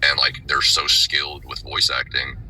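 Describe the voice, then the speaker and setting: A man with a very low, booming voice and a strikingly bright edge rambles through a casual chat with friends. He leans on "like" constantly, with faint background hiss. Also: monotone, normal speed, poor audio. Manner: rambling, lots of "like". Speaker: podcast host.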